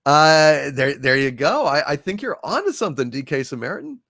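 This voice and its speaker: Theatrical, lively-pitched male stream host. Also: no room sound, clean studio sound. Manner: theatrical, drifts into recited verse, song and impressions; halting, with many fillers and restarts. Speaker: livestream host. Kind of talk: casual live-stream chat reading super chats.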